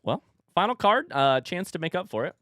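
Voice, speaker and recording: A man streaming from home, chatting casually and telling an animated story between laughs. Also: high voice, brisk, dry recording, clean studio sound. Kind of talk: casual chat. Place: home room with a standing desk.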